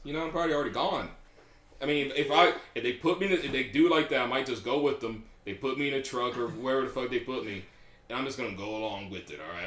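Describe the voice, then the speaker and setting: A man's voice: medium pitch, fairly bright tone, echoey room. A young man co-hosting a podcast, chatting casually, swearing and joking with friends. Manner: laughing, swearing, jokey storytelling. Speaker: podcast co-host. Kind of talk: casual chat.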